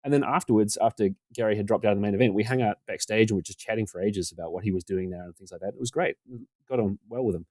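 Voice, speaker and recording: A low-pitched man in his forties talks quickly as a podcast guest, recorded close and dry with no room sound. He is self-deprecating and gets animated when he acts out what other people said. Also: no room sound. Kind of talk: casual storytelling interview.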